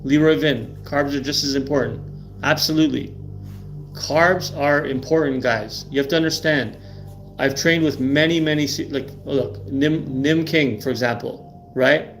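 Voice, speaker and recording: A man's voice: on the high side, measured pace, faint music behind. A middle-aged man hosting a live stream about health, talking emphatically and often tagging lines with "right?", repeating words as he goes. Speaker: livestream host.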